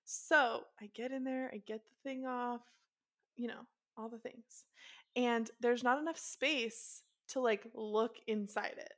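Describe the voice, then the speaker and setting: A woman in her thirties, co-hosting a podcast in casual chat and telling a story with lively acted-out quotes. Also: measured pace, few pauses. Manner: animated storyteller, acting out quotes with big pitch jumps. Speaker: podcast co-host.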